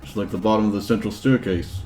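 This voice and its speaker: A man voicing a brisk young male lead in a game reading, with plain, direct delivery. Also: fairly low pitch, fairly even intonation, darkish tone, soft background music, lightly acted, rough recording. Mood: earnest.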